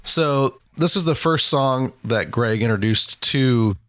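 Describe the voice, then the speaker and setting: A man co-hosts a casual music podcast with a voice of ordinary middle pitch. He talks through chord changes and song history in an earnest, musing way. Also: expressive, takes it slowly, a bit bright. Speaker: podcast co-host. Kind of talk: casual music-talk chat.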